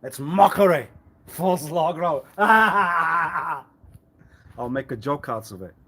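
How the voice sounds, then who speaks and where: A man's voice: fairly high pitch, lively intonation, slow pace, bright, forceful tone, husky, poor audio. A man in a rambling live-stream monologue, lecturing with repeated rhetorical questions, laughing often and repeating himself. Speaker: livestreamer.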